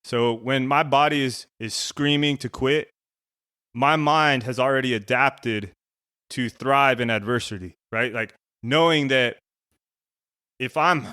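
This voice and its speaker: Bright and forceful in a mid-range voice, the middle-aged ex-SEAL coach tells his personal story podcast-style, relying on plenty of "you know" and "right." The tone is clean and the recording dry, at studio quality.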